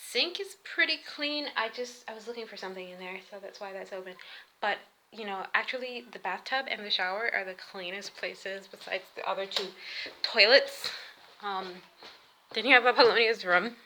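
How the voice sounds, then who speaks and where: A woman's voice: mid-range voice, normal speed, bright, forceful tone, a little hiss or hum, poor audio. A woman chatting casually as she walks through her house, rambling and laughing often. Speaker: vlogger. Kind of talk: casual home tour vlog. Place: house, indoors.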